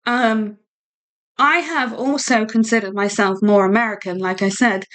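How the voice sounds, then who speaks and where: She's a British woman from the UK hosting a casual livestream, her talk rambling and chatty, sprinkled with fillers and a giggle. Her British English voice sits on the high side, steady in tone and a bit bright, at a moderate pace.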